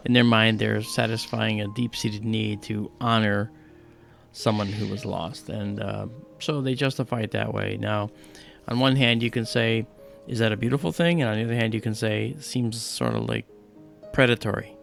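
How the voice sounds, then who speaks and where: A man hosting a laid-back livestream spins long stories, stopping often on "uh" and "you know." His voice has a gravelly rasp, and faint music plays underneath. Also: lowish voice, moderate pace, a bit bright. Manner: rambling storyteller with many fillers. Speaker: livestream host. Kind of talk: casual livestream chat.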